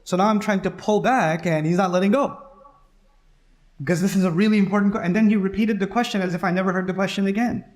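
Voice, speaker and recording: High-voiced man giving a conversational sermon. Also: fairly even intonation, fast. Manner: conversational, acts out quoted dialogue. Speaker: preacher.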